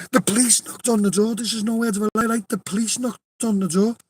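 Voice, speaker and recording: A man's voice: high-pitched, noisy background. A man with a Liverpool accent telling a rowdy anecdote in casual chat, swearing freely, laughing often and insisting it is true. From Liverpool, England. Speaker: storyteller.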